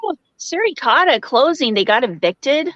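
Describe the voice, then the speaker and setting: A woman's voice: high-pitched, very animated, moderate pace, a bit bright, no echo. A woman co-hosting a casual crochet livestream over a video call, chatty and giggly, often trailing off mid-sentence. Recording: dull lo-fi video call audio.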